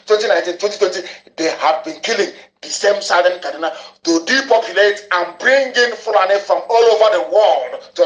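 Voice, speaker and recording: A man's voice: high voice, a bit bright. A man giving an angry, ranting broadcast monologue, hammering points home by repeating phrases. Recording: echoey room, dull lo-fi audio.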